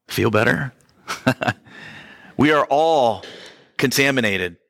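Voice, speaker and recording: A man delivers a sermon in an easygoing, conversational way, turning often to the congregation with quick asides. His voice is bright and forceful at a middle pitch. The sound is dry and close, with no room echo. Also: lively intonation. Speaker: pastor.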